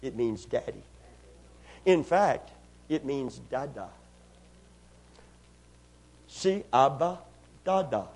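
A man's voice: mid-range voice, expressive, creaky. A man preaching a sermon to a church congregation, calling for responses and stretching out key lines for emphasis. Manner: rises to loud, drawn-out emphasis on key lines. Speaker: pastor.

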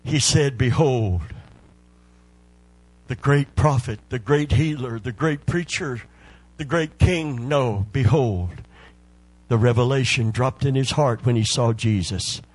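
A man preaching a sermon, telling a story slowly and building to loud, fervent shouts of praise. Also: medium pitch, husky, no room sound. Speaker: pastor.

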